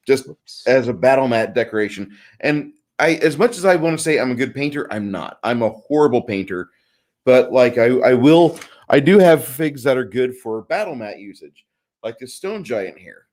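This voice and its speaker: A man's voice: mid-range voice, lively intonation, moderate pace, a little mellow. A man hosting a casual panel chat about tabletop games, joking and rambling with frequent restarts.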